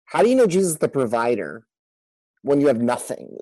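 A male pastor speaking as a podcast guest, sharing a story earnestly and haltingly, often restarting his sentences. His voice sits at an ordinary pitch and sounds dry and close, with little room around it. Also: big pitch swings, warm tone, dry recording, rough recording. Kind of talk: personal storytelling in a podcast interview.

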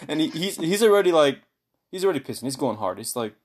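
A young man casually telling a funny story to friends, animated and laughing, acting out quoted lines. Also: a little high, fast.

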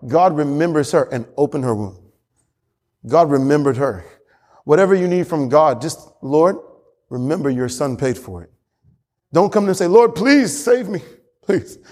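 A man's voice: on the high side, expressive, moderate pace, long pauses, darkish tone. A male pastor preaching a sermon with emphatic repetition and frequent chuckles. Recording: long hall reverb.

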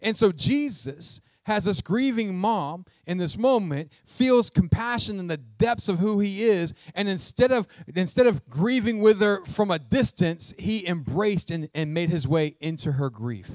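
A man's voice: sits high, expressive, unhurried, hardly any pauses, darkish tone, no room sound, studio quality. A male pastor preaching a sermon, emphatic and asking the congregation questions.

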